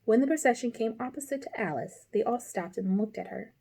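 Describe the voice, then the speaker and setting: Mellow woman reading a storybook aloud. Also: on the high side, expressive, a little fast, creaky, husky. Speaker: library storyteller. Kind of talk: reading a children's novel aloud.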